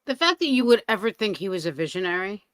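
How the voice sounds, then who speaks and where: A woman's voice: medium pitch, big pitch swings, fast talker, fairly bright tone, dry recording. A woman commenting on a recording as host, exasperated and trailing off as she searches for words. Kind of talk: video commentary.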